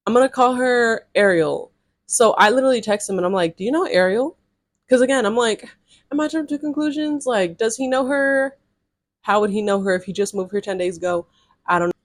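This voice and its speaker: A woman's voice: mid-range voice, a little fast, dry recording. A young adult woman, blunt and sassy, telling a dating story casually to her viewers with slang and strong reactions. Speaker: storytime vlogger.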